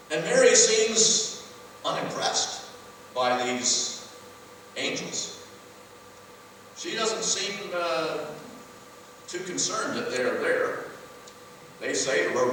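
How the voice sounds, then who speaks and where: A man's voice: lively intonation, slow pace, pauses often, fairly bright tone, a little hiss or hum. Man preaching in an echoey far-off hall. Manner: conversational preaching, rises in pitch for emphasis. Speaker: pastor. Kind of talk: sermon.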